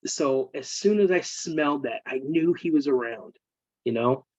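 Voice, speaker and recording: A man's voice: medium pitch, darkish tone, no echo. Earnest man telling a heartfelt story. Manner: earnest, emotional, halting with fillers. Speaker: guest, military veteran. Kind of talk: casual storytelling interview. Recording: dull, dry remote call audio.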